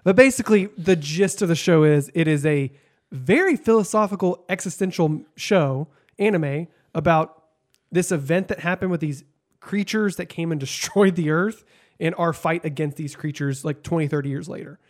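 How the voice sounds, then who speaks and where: Casting note: guy in his twenties, fairly high voice, loose rambling podcast chat. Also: moderate pace. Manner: rambling, laughs often, many fillers. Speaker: podcast co-host.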